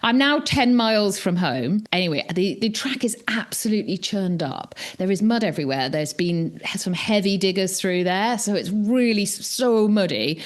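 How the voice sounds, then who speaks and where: A woman co-hosting a podcast, telling a story in a casual, animated way, acting out what people said and laughing often. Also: normal speed, hardly any pauses. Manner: animated, acts out quotes with big pitch jumps; laughs often, many restarts. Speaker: podcast co-host.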